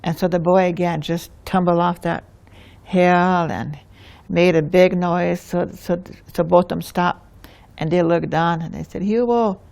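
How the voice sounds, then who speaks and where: Low gravelly Lakota storyteller woman. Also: level tone, a little mellow. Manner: unhurried, repeats and restarts phrases. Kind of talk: oral storytelling.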